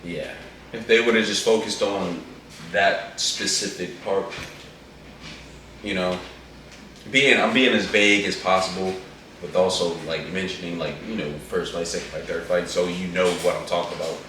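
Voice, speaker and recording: A man with a low voice chats in an animated, slangy ramble. He sits away from the mic in a very echoey room. A faint hum runs under him. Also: moderate pace, distant mic. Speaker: co-host reviewing an anime movie. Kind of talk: casual chat.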